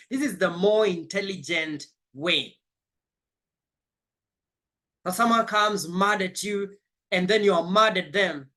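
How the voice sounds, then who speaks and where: A man's voice: high-pitched, a bit bright. A man giving a motivational life coaching session, emphatic and spiritual, repeating his key phrases.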